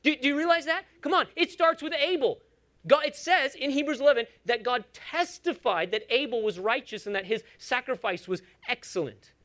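A woman's voice: high voice, moderate pace, a bit bright. A woman preaching a sermon in a church, emphatic and coaxing her congregation along.

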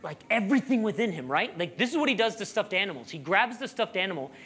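A preacher giving a sermon, telling a lively personal story and then building to emphatic, raised-voice preaching. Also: mid-range voice, fast talker, slightly rough.

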